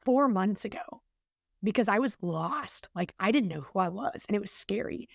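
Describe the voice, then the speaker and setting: A woman's voice: medium pitch, animated, moderate pace, gravelly, no echo, clean studio sound. A young adult woman, a podcast guest, talking in an earnest, chatty way with lots of fillers. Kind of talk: casual podcast interview.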